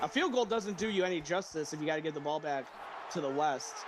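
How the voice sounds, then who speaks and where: High-voiced, laughing play-by-play man. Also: fast talker, noisy background. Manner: jokey, laughs often, excited shouts on big plays. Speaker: play-by-play commentator. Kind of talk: casual stream game commentary.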